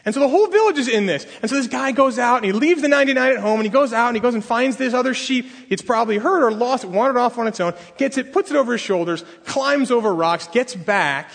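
Husky high-voiced man preaching in a hall. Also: lively intonation, quick pace, hardly any pauses, a bit bright. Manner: casual, asks the audience questions. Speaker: pastor. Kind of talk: conversational sermon. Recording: long hall reverb.

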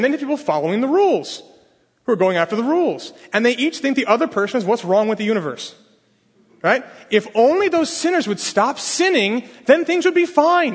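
A male pastor with a high, husky voice delivers a conversational sermon in a large hall, speaking casually and putting questions to the audience. The recording carries long hall reverb.

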